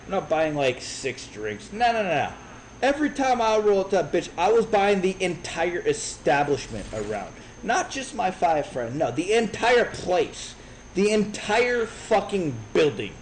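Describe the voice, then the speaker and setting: A man in his thirties telling a brash, profane story in a casual, animated way. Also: high voice, unhurried, slight background noise, low-quality recording. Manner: brash, profane, animated retelling with quoted voices. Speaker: streamer.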